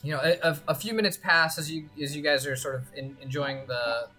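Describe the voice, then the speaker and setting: A game master narrating a tabletop game in a halting way, with many fillers and restarts. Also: mid-range voice, steady tone, bright, forceful tone, soft background music.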